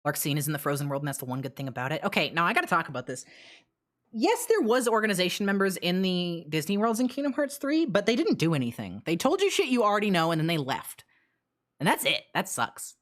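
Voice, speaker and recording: A woman streamer chats casually at a desk mic, answering her live chat. Her voice sits low yet swoops widely, and she rambles bluntly through fillers and restarts. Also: fairly bright tone.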